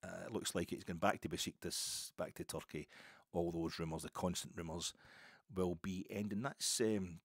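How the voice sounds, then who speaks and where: A man's voice: low-pitched, steady tone, moderate pace, gravelly, husky, no echo, clean studio sound. A man in his fifties with a Scottish accent, hosting a solo football podcast in a rambling, wry way that keeps correcting itself. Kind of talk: casual solo podcast chat.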